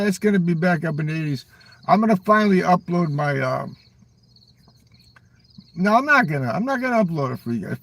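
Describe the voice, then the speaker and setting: An older man rambles through a live stream, cursing constantly and answering his chat. His husky, fry-laden voice sits a little above the usual male pitch. He sounds a bit distant from the microphone. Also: dry recording. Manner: profane, rambling, ends lines with "man"; talks back to chat viewers. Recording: voice a little far from the mic.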